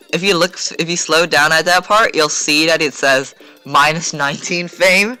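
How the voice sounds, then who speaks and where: A man's voice: fairly high pitch, moderate pace, pushed and bright, clean tone, faint music behind. A man casually commentating over his gameplay video, rambling and full of fillers. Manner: rambling, filler-heavy, chatty. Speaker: gaming channel host.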